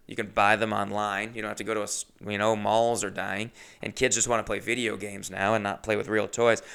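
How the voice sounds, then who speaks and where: A man's voice: medium pitch, clear, resonant tone. A man in his thirties from New England, rambling through a profane, digressive comedic monologue as a podcast host while pacing his apartment on a corded mic. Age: 30s. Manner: digressive, profane, animated storytelling. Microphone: corded microphone.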